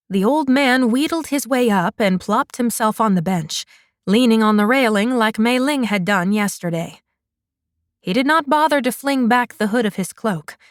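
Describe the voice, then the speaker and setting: A woman narrating a fantasy romance audiobook in a measured, unhurried manner. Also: on the high side, no echo, clean studio sound.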